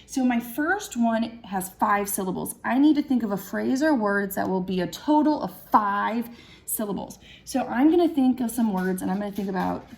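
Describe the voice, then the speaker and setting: A young woman teaches small children in a recorded class, patiently going slowly, sounding out each word and clapping the syllables. She has a medium-pitched, creaky voice with lively intonation.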